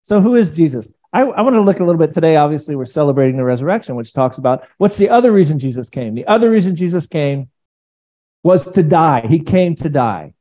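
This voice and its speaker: A male pastor preaching a sermon in an animated, conversational way, acting out quotes as he goes. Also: fairly high pitch, quick pace.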